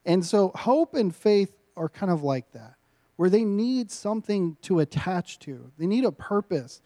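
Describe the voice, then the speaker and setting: Warm-voiced joking man preaching. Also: high voice, big pitch swings, a little slow. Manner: joking, laughs often between lines; informal and self-mocking. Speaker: guest preacher. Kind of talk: sermon.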